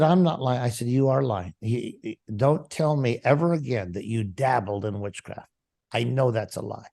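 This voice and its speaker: A man's voice: mid-range voice, creaky, a little mellow. A man, a pastor, telling a personal story in an interview and acting out the dialogue vividly.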